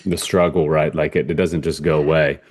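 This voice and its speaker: Man, podcast host, very low pitch, reflective, casual, filler-heavy. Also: flat delivery, brisk, a little mellow. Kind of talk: casual conversation.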